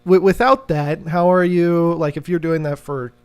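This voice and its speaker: A man's voice: a little high, steady tone, moderate pace, a little mellow, smooth. A man in a casual discussion, rambling and thinking aloud with lots of filler words.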